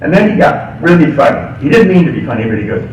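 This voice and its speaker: Middle-aged male speaker, confiding storyteller, lively delivery; live hall recording, roomy and noisy. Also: on the high side, fast talker. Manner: animated storyteller, laughs often, confiding. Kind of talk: recovery story told from a podium. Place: meeting hall. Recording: echoey hall, distant mic, background noise.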